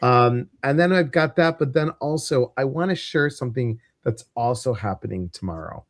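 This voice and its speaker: A man's voice: medium pitch, lively intonation, moderate pace, dry recording, clean studio sound. A man with a Midwestern American accent hosting a casual live stream, chatty and rambling, with plenty of ums and uhs. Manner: chatty, rambling, many fillers. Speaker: host.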